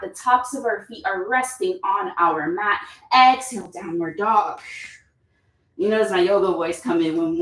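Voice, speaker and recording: A woman's voice: mid-range voice, a bit bright. A woman yoga instructor guiding a class, upbeat and playful, chatty with whoops and laughter. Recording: echoey room, mic at a distance.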